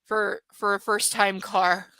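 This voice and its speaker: A woman hosting a live book reading stream, chatting casually with her viewers in a halting way, full of fillers and restarts. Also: mid-range voice, flat delivery, sharp tone, clean tone, dry recording, rough recording. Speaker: livestream host reading a book.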